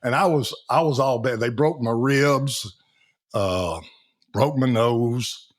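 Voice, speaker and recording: A man's voice: medium pitch, slow pace. A man, a Navy veteran guest telling folksy stories in a podcast interview and laughing as he acts out the people in them. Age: 70s.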